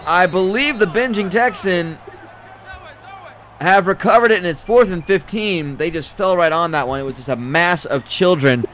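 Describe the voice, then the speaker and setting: His voice a little high, a man riffs jokingly over a football video game, rattling off plays quickly and swearing casually as he rambles. There's slight background noise.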